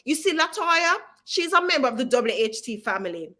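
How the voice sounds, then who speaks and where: A woman's voice: high voice, very animated, brisk, sharp tone. A woman hosting a live stream, talking directly and encouragingly to her viewers and calling on them by name. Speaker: livestream host. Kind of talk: live-stream advice talk.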